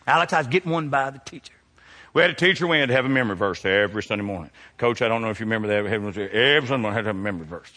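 A man preaching a sermon, calling out questions to the congregation, his voice climbing high and loud, then sinking low and quiet. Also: lively intonation, rapid-fire, big-room sound. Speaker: pastor.

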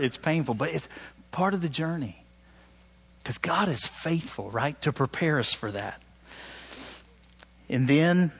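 A man preaching a sermon, asking his listeners "right?" and mimicking sarcastic tones when he quotes. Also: mid-range voice. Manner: animated preaching, rising loud on emphasis, asks "right?" often. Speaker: pastor.

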